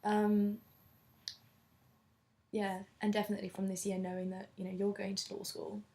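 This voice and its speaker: A woman's voice: medium pitch, flat delivery, moderate pace, dark tone, a little hiss or hum. A young woman from England chatting openly in an interview. She talks freely, in a casual and candid way, and laughs often. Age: 20s.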